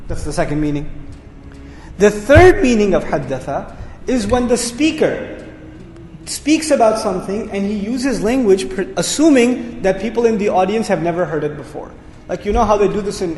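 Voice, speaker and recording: A man's voice: high voice, darkish tone. A man teaching a lecture on Quranic word meanings, explaining with energy and repeating his key words. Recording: echoey hall reverb.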